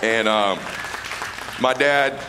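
A middle-aged man giving an emotional stage speech as a motivational speaker, casual and slangy, dropping to a hushed voice in tender moments. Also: medium pitch, drawn-out words, crowd noise, noisy background. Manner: casual and slangy, calling people dude and man. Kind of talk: emotional speech to a live audience. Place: stage at a live event.

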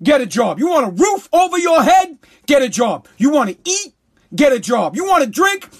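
A man's voice: very high-pitched, sing-song, normal speed, full character voice. A man putting on the voice of a blunt, old-school father who barks profane orders. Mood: gruff scolding.

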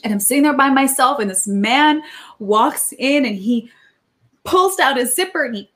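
Brief: high-pitched woman guest, animated storyteller, quick restarts. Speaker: podcast guest. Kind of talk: casual chat, storytelling.

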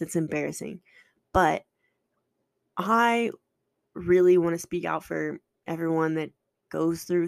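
A woman hosting a podcast, telling a personal story in a raw, halting and earnest way, with restarts and some swearing. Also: fairly low pitch, darkish tone, dry recording, clean studio sound.

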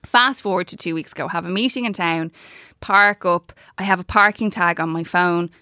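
A woman, telling a long, animated anecdote on a podcast, swearing freely as she goes. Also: lowish voice, normal speed, dry recording, studio quality. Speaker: podcast co-host. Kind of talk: casual storytelling chat.

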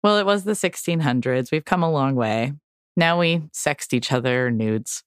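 A woman's voice: a bass voice, lively intonation, normal speed, clean tone, no echo. A woman co-hosting a podcast, reading a list of dares aloud with dry jokes in casual chat. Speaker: podcast co-host.

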